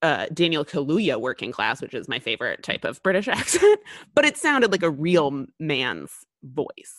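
A woman in her thirties co-hosting a casual podcast chat, talking fast and loose with lots of fillers and restarts. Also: sits low, sing-song, no echo, studio quality. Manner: chatty, many fillers and restarts. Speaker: podcast co-host.

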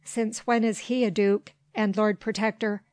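A woman voicing a proud boy king who speaks in sharp, commanding tones in an audiobook. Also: medium pitch, level tone, unhurried, no room sound, lightly acted. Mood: imperious.

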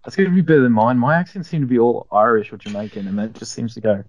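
A man's voice: medium pitch, fast talker, lo-fi sound, background noise. Rambling, hesitant male podcast guest. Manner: rambling, hesitant, many restarts and "like"s. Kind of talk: casual podcast chat.

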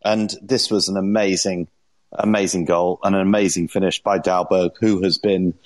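A man co-hosting a football podcast who makes his points in an earnest, measured, analytical way. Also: deep voice, steady tone. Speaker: podcast co-host.

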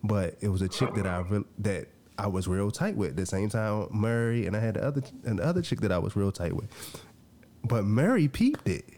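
A man hosting a podcast, telling a personal story in a casual, animated way, acting out what people said and laughing often. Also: fairly low pitch, a little fast, slight background noise. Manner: animated, acts out quoted lines, laughs often. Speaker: podcast host.

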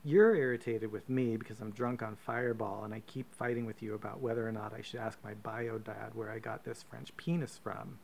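A man co-hosting a podcast, reading a profane, comic choose-your-own-adventure story aloud with deadpan asides. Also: lowish voice, a little fast, vocal fry, few pauses. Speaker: podcast co-host.

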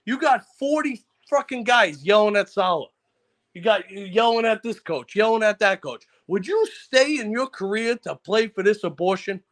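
High, bright-voiced ranting New man. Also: animated. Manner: angry, profane, rapid-fire ranting. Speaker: caller on a sports talk show. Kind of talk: ranting casual chat.

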